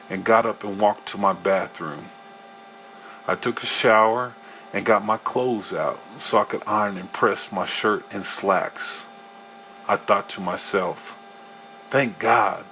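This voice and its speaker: A man reading a first-person story aloud as an audiobook narrator, in a slow, unhurried way. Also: lowish voice, sharp tone, slight background noise, rough recording. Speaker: audiobook reader.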